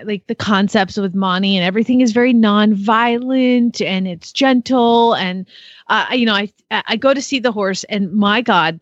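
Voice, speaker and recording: A woman hosting a casual podcast who tells horse stories animatedly, with quick asides. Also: medium pitch, dry recording, dull audio. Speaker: podcast host and horse trainer.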